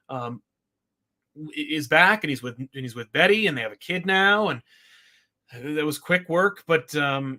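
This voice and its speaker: Rambling, wry man with a higher voice. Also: pushed and bright. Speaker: podcast co-host. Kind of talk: casual comic book review chat.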